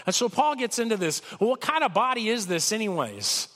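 A man preaching a sermon with a cold, talking conversationally and swinging from loud peaks to soft lows. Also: big pitch swings, fairly quick, long reverb tail. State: has a cold. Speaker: pastor.

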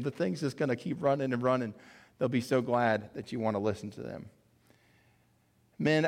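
A man's voice: medium pitch, big-room sound. A man preaching a sermon to fathers, talking straight to his listeners, earnest and at times emotional. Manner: earnest, emotional, pauses to compose himself; addresses listeners directly. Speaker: pastor.

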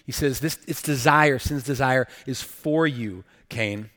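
A man's voice: mid-range voice, measured pace, fairly bright tone, big-room sound. A male pastor preaching a sermon emphatically, often checking in with rhetorical questions.

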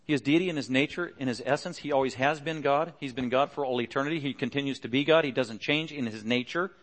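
A middle-aged male pastor preaching a sermon earnestly, pressing harder and louder on key points. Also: medium pitch, quick pace.

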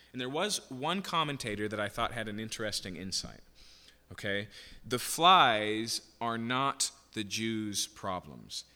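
A man's voice: fairly low pitch, bright, forceful tone. A man teaching a Bible passage verse by verse in a conversational way, often checking in with "okay?" and "right?". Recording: long hall reverb.

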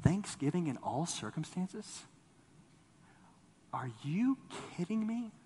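A male pastor preaching a sermon, rising to loud bursts and dropping low, often repeating words as he starts a thought. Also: slow, long reverb tail, slight background noise. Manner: animated preaching, voice swelling then dropping low.

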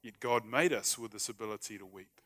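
A man's voice: on the low side, fairly quick, sharp tone, slightly rough. A man preaching a sermon in a conversational, humorous way, acting out short everyday dialogues. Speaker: pastor.

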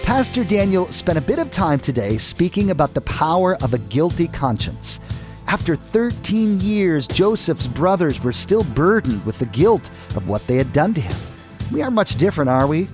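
A man's voice: a little high, sing-song, moderate pace, darkish tone. A man reading a scripted reflective closing announcement for a sermon broadcast. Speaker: radio program announcer. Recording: music bed underneath.

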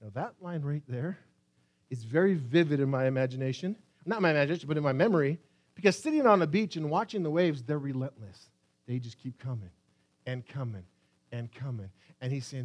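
A man preaching a sermon, reading scripture slowly and with emphasis, swinging between hushed lines and loud cries. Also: mid-range voice. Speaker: pastor.

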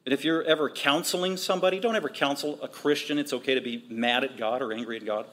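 A male pastor preaching a sermon, emphatic and repetitive, with quick asides. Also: mid-range voice, steady tone, a bit bright.

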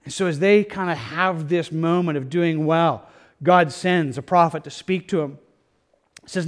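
A man's voice: fairly high pitch, a little slow. A man pastor preaching a verse-by-verse sermon in an earnest, conversational way. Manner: conversational, earnest, with restarts and "like" asides.

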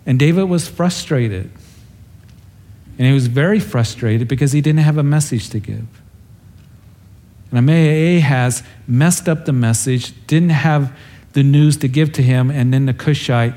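Male pastor, mid-pitched and mellow, earnest conversational sermon teaching. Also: unhurried, long pauses. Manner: storytelling, acts out the characters with a raised voice. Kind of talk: verse-by-verse Bible teaching.

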